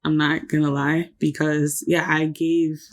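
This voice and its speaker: A woman's voice: sits low, flat delivery, a little slow. A young woman co-hosting a podcast, speaking in an earnest, reflective way and laughing easily. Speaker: podcast co-host. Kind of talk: casual chat.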